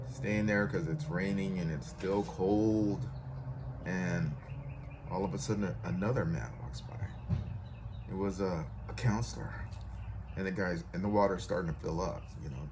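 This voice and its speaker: A man from California with a low, deep voice tells a rambling story in a casual way. He restarts and corrects himself as he goes. A faint noise sits underneath.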